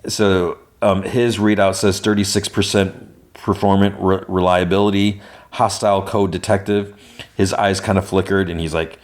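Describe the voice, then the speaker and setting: A man with a very low, deep voice talks loosely through a TV episode recap. He restarts his sentences often and slips in quick quoted lines from the characters as he goes. He speaks in an unhurried, conversational way as a podcast host. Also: fairly even intonation. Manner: rambling, many restarts, quotes characters in passing.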